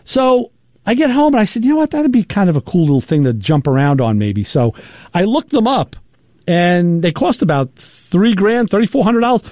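A man hosting a show, telling rambling, animated stories in casual chat and acting out what people said. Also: sits high, normal speed, no room sound, studio quality. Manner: rambling, animated anecdotes with acted-out quotes. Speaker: show host.

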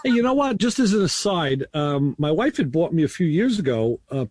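A man's voice: fairly high pitch, very animated, brisk, darkish tone. A man co-hosting a radio show, bantering playfully and chiming in with asides. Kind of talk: casual radio chat.

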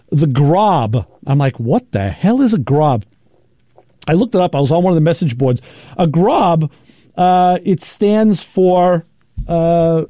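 A man hosting a show, telling rambling, animated stories in casual chat and acting out what people said. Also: on the high side, dry recording, clean studio sound. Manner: rambling, animated anecdotes with acted-out quotes. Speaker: show host.

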